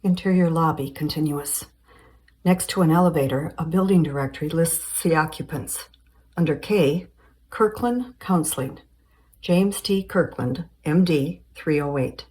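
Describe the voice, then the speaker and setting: A woman reading a screenplay aloud, calmly stating scene headings and directions. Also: sits low, unhurried, rough recording. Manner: steady, matter-of-fact delivery of scene directions. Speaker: screenplay reader.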